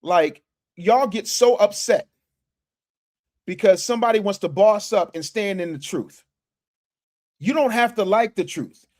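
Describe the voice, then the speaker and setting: A man's voice: high voice, a little mellow. A man hosting a casual livestream, talking to his chat in slang and reading out super chats from his office. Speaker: livestream host.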